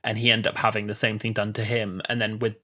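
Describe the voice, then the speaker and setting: A man's voice: on the low side, completely flat delivery, quick pace, sharp tone. A man in his twenties co-hosting a podcast, chatting casually and gushing with fan enthusiasm. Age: 20s. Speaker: podcast co-host. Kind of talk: casual chat.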